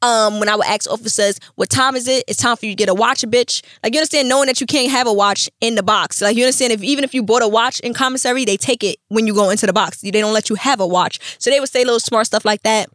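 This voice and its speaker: Animated young woman, street slang. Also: on the high side, quick pace, few pauses, no room sound, clean studio sound. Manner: animated, profane street slang, acts out quotes. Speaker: guest. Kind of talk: candid storytelling interview.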